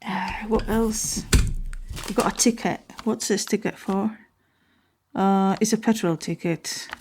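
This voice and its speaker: Unhurried woman musing on her own show. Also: medium pitch, very noisy. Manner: rambling, self-correcting, musing aloud. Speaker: podcast host. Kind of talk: casual solo talk.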